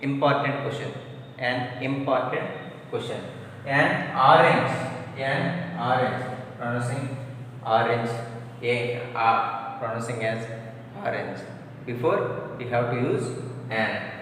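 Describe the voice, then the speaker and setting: A man teaches a classroom grammar lesson, speaking very slowly and repeating each letter and example. His voice is heard from a distance in a hall with heavy echo and a faint hiss underneath. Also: medium pitch, fairly bright tone. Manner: slow, repetitive, drills letters aloud. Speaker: English teacher. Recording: echoey hall from far off, faint noise.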